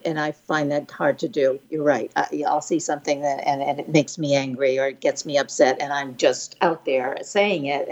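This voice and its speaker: An older woman hosting an interview, talking in a slow, reflective and hesitant way over dull lo-fi audio. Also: low voice, creaky, a little mellow. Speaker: interviewer host. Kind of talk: conversational interview.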